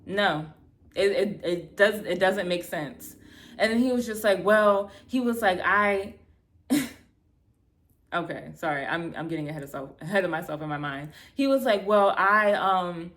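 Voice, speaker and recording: A woman in her thirties telling a bad-date story to camera, animated and exasperated, acting out both sides of the conversation, with lots of "like" and casual swearing. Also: fairly low pitch, measured pace. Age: 30s. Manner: heavy filler "like", casual swearing. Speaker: vlogger. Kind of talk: storytime vlog, casual retelling.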